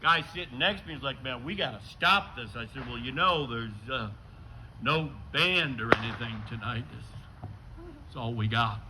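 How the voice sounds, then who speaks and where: An older man from western New York doing a stand-up comedy set outdoors, telling stories in a deadpan way and acting out the dialogue. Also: mid-range voice, normal speed, background noise. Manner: deadpan storytelling with acted dialogue bits. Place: outdoor show with a live audience.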